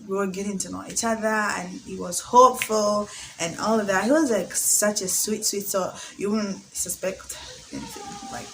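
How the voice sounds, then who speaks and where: A woman's voice: mid-range voice, a little hiss or hum. Emotional young woman vlogger from Zambia. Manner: chatty, emotional, laughs often, fills with "like". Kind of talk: casual confessional vlog.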